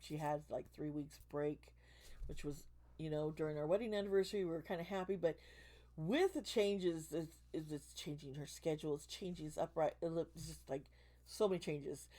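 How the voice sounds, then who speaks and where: A woman in her forties, hoarse from losing her voice, talking casually and emotionally to her channel members, rambling and restarting her sentences. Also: low-pitched, moderate pace, mellow. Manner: rambling, emotional, many restarts, swearing when worked up. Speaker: tarot reader and channel host.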